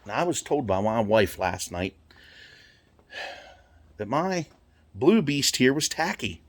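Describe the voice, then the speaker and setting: A man's voice: medium pitch, big pitch swings, takes it slowly. Swearing man on a heated rant. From United States. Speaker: vlogger talking to his viewers. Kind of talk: profane angry rant. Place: inside his truck cab.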